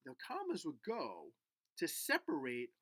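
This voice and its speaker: Patient man teaching first graders slowly. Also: on the high side, huge pitch swings, no room sound. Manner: gentle, patient, coaxing. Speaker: elementary school teacher. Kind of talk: video lesson for first graders.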